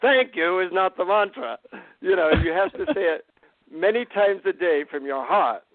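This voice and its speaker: Calm, teasing Indian guru, as a man puts him on; raised pitch, dry phone sound. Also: moderate pace, gravelly, no room sound, narrow, tinny audio, heavily acted. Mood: serene, instructive.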